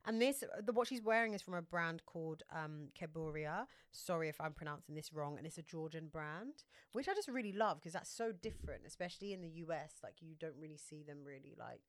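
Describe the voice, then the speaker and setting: A lower-pitched woman chats about red-carpet looks, laughing often and filling gaps with "um" and "like." Her voice is close and dry, with no room sound around it. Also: lively intonation, brisk, hardly any pauses, no echo. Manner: chatty, giggly, describes outfits with lots of fillers. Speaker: podcast co-host. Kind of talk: casual chat about red-carpet fashion.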